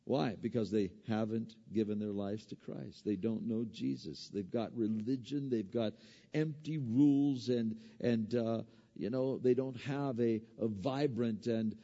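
A man's voice: mid-range voice, mellow. A man preaching a sermon as a pastor, talking in an easy conversational way with many fillers, restarts and joking asides. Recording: echoey hall, dull lo-fi sound.

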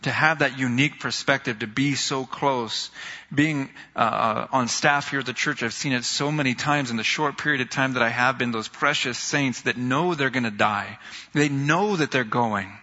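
Earnest man preaching in a church hall. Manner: earnest, storytelling, rises in pitch when excited, slows for scripture. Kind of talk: sermon. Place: church sanctuary. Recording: dull sound in a reverberant hall.

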